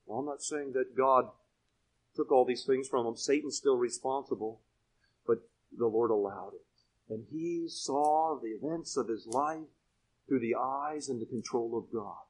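A man preaching a Bible sermon, telling stories and asking his congregation questions, and swinging from hushed asides to loud, emphatic points. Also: medium pitch, a little slow, breathy edge, low-quality recording. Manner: conversational storytelling with direct questions to the congregation. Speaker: pastor. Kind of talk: expository sermon.

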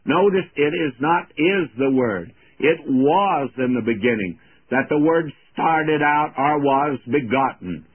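Man, radio Bible sermon, fairly high voice, husky, thin phone-like sound. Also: lively intonation. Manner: slow, emphatic, addresses listeners as friends. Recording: tinny phone-like radio recording.

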